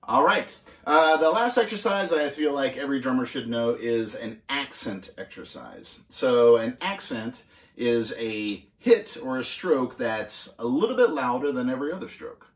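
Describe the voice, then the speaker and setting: Male drum instructor, mid-pitched, easygoing and full of fillers; roomy echo. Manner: relaxed, halting with many fillers. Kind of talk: casual instructional demonstration. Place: music school practice room.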